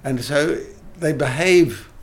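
This older theatre director speaks slowly in a fairly high voice. Interviewed, he recounts emphatic anecdotes and keeps restarting what he's saying.

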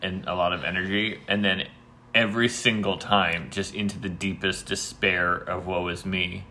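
A man's voice: low voice, little pitch movement, normal speed, bright, forceful tone, slight background noise. A man hosting a casual chat podcast, with a teasing, dry way of talking. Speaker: podcast host.

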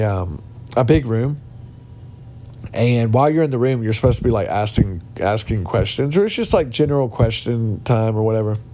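Ranting man with a lively voice. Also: mid-range voice. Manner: ranting, blunt, mocking. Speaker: podcast host. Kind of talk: casual podcast monologue. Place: cabin with other people around. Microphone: not his usual podcast mic.

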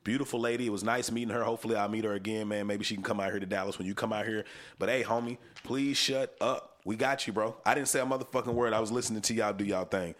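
Laid-back cursing podcast host, lowish voice. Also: male voice, steady tone, very fast. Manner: profane, laid-back storytelling. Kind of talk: casual podcast chat.

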